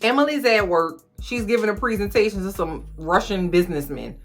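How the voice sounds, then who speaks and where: A young woman giving a casual, comedic movie recap with an animated, sassy, slangy way of telling the story. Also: mid-range voice, fairly quick, faint music behind. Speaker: film recap vlogger.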